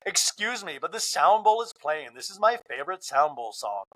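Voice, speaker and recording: Animated male podcast host, gossipy. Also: a little high, low-quality recording. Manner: gossipy, animated storytelling with mimicry. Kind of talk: comedic reality-TV recap.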